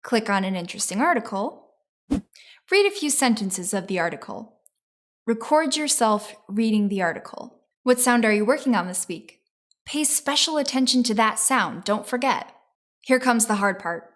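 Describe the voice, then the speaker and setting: Higher-voiced woman teaching pronunciation. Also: expressive, normal speed, a bit bright. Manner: clear, encouraging, step-by-step instruction. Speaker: English teacher. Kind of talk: scripted pronunciation lesson.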